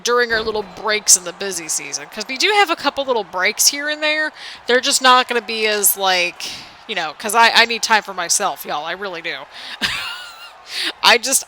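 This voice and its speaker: Young woman gaming host, bright and slightly high voice, chatty and sing-songy, a bit tired. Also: a little hiss or hum, poor audio. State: a little tired. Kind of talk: casual game commentary.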